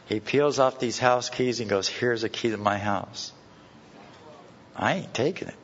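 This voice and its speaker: A Californian man with a medium-pitched voice speaks a little slowly, telling a personal story to a live recovery meeting in blunt, folksy words and plain slang. The dull old tape recording from the meeting hall has long reverb and a noisy background.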